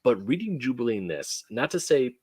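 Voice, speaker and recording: A man with a mid-pitched, very lively voice chats on a podcast, recorded dry and close. He rambles with fan enthusiasm, stops and restarts, and pops into quoted character voices. His tone swings widely in pitch. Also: brisk, slightly rough, dry recording. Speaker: podcast co-host. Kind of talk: casual podcast chat.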